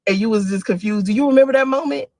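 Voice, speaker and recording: A woman in her forties tells stories straight to the camera in a dry, close recording. She talks in an animated way, laughing often, and her voice jumps up in pitch for emphasis. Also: racing, dry recording. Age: 40s. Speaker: single mother telling stories to a friend. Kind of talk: casual monologue video.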